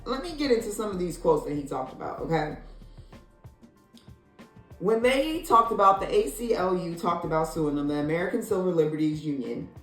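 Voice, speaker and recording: A woman vlogger from Illinois giving casual opinion commentary, sassy and expressive, leaping up in pitch when she is incredulous. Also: moderate pace. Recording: echoey room, faint music.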